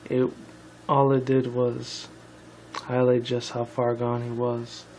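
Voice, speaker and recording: A man's voice: mid-range voice, monotone, takes it slowly, darkish tone, a little hiss or hum, low-quality recording. A tired young man reading a fan story aloud, stumbling over words and correcting himself with casual asides. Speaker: fan fiction reader.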